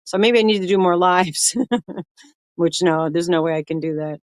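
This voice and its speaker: A woman's voice: on the low side, normal speed, no room sound. Older woman, livestream host, rambling and friendly-chatty, dry close sound. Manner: chatty, greets viewers by name, rambling. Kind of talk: casual livestream chat.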